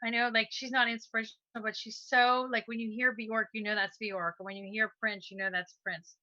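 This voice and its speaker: A woman in her forties talks eagerly over a video call, her voice very bright and a little raised in pitch. The laptop audio is dull and lo-fi, with a dry, close sound and no room around it. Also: little pitch movement, a little fast, dry recording. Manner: enthusiastic, rambling. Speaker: musician guest. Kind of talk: casual chat on a video call.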